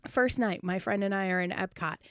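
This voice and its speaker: A woman's voice: mid-range voice, brisk, a bit bright, no echo. A woman co-hosting a podcast, telling a story with plenty of animation and laughter. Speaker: co-host. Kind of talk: casual storytelling chat.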